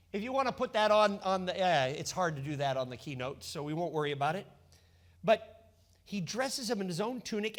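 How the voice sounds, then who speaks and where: A male pastor preaching a sermon, telling a Bible story with lively voices for its characters. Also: high voice. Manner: animated storytelling, acting out biblical characters.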